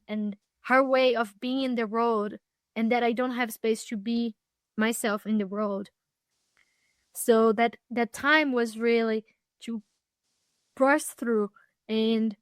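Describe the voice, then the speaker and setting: A young woman guest telling a personal story in a thoughtful, halting way with frequent restarts. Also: fairly high pitch, clear, resonant tone, no echo, clean studio sound. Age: young adult. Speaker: podcast guest.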